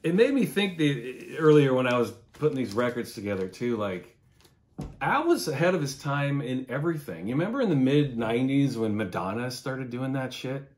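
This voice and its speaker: A man's voice: mid-range voice, very animated, moderate pace. A man in his forties chatting casually and enthusiastically about records, swearing now and then. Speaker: music vlogger.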